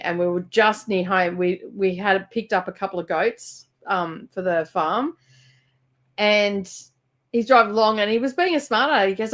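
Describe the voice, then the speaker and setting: An Australian woman co-hosting a live book stream, telling animated stories in casual chat and laughing often. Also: medium pitch. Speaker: co-host of a live reading stream. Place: rural home library.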